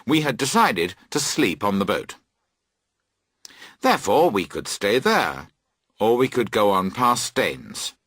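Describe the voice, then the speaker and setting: A man reads a classic story aloud for learners, slow and deliberate, his pitch swinging widely to dramatize each turn. His voice is husky and recorded dry and close. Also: no echo. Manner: slow, clear, very expressive. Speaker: audiobook reader. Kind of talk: scripted storybook narration for learners.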